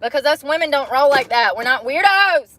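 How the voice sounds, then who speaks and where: A woman's voice: sits high, animated, a little fast, fairly bright tone. A woman vlogging to a phone camera from inside her parked car, chatty and profane, breaking into laughter often. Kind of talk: casual chat to camera.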